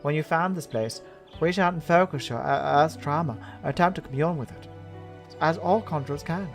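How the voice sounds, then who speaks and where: A man's voice: on the high side, normal speed, gravelly. A man voicing a solemn male earth conjurer who teaches, in an odd put-on accent and a formal way of speaking, with game music behind.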